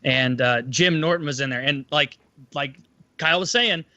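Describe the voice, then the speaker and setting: Podcast co-host, male, bright forceful higher voice, animated storyteller, dry room. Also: normal speed, dry recording. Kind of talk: casual chat, retelling a radio bit.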